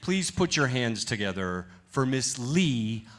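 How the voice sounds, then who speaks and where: A man's voice: mid-range voice, sing-song, takes it slowly. Joking man welcoming a theater crowd. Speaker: theater executive director. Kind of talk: live stage welcome speech. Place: theater stage before a live audience.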